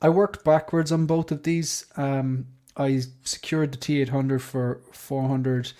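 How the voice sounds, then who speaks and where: A man's voice: medium pitch, flat delivery, unhurried, mellow. A man talking as a guest in a casual interview, rambling with many fillers and telling stories with enthusiasm. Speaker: guest collector.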